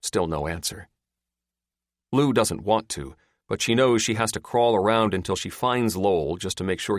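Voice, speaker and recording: A man's voice: low voice, no echo, clean studio sound. A man narrating an audiobook in scripted style, who does all the characters' voices himself.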